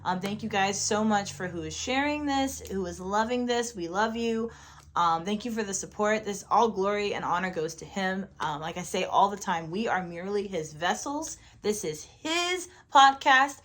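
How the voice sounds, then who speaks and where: A woman co-hosts a faith-based podcast with her husband, chatting casually and speaking earnestly and encouragingly about relationships. Her medium-pitched voice has lively intonation, a moderate pace, and a fairly bright tone.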